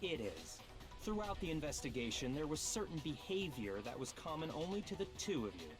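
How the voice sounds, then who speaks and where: An actor voicing an arrogant, condescending rich teenage heir in a dubbed game, cold and lecturing. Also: male voice, on the high side, very animated, a little fast, music in the background.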